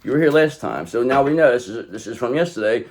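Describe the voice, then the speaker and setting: A man's voice: mid-range voice, expressive, fast, slight background noise. Man, mid-range voice, casual tarot reader; blunt, profane, emphatic, addresses viewer directly. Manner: emphatic, talks straight to the viewer. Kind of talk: casual tarot card reading.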